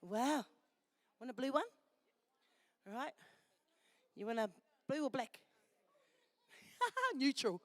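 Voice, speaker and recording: Festival MC, woman, New Zealand accent, high and unhurried, chatty and affectionate. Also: big pitch swings, no room sound. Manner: chatty and affectionate, calls people darling. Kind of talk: live event MC, handing out and announcing. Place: festival venue.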